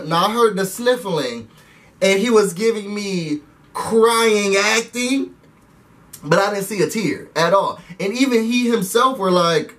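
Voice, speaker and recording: A high-pitched man rants casually through a reality TV recap. He is animated and keeps calling his viewers y'all. His voice sits a little back from the microphone. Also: unhurried, distant mic. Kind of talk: casual recap rant to camera.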